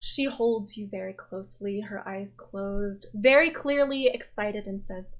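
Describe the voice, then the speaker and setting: A woman's voice: medium pitch, fairly even intonation, a little slow, hardly any pauses. A woman game master narrating a tabletop game in a descriptive, storytelling way.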